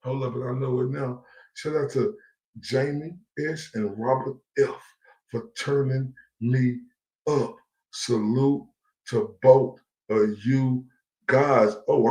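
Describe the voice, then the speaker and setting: A man's voice: mid-range voice, dark tone, far from the mic. A man streaming live, ranting defiantly with profanity and repetition. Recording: echoey room, away from the mic.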